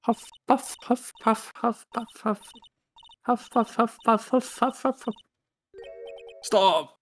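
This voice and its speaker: A man's voice: fairly high pitch, lively intonation, takes it slowly, gravelly, a bit bright, faint music behind, heavily acted. A man voicing a cranky old woman guard, wheezing and huffing between words while reading game dialogue aloud. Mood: breathless.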